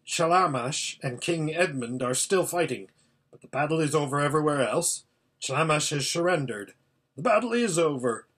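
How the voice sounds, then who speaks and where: An old hermit calls out a far-off battle blow by blow, as a man reads him in a storybook. The voice is husky and a touch high, kept low and steady like a running report. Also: normal speed. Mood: intent. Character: old male hermit calling out a distant battle.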